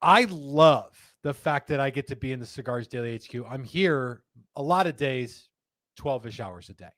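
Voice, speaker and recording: A man hosting a live stream, talking in a chatty, rambling and animated way. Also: medium pitch, moderate pace, dry recording. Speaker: host.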